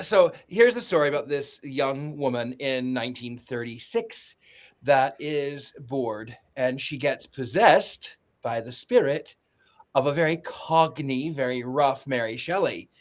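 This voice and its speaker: Slow, lively-voiced sarcastic man. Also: medium pitch. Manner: sarcastic, joking. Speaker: podcast panelist. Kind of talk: comedic movie recap.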